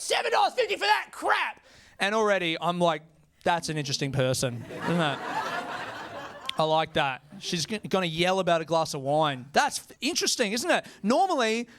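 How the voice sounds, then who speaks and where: A young Australian man doing a stand-up comedy set, telling a story conversationally with animated impressions and casual swearing. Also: a little high, clean tone, no room sound. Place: comedy club stage with audience.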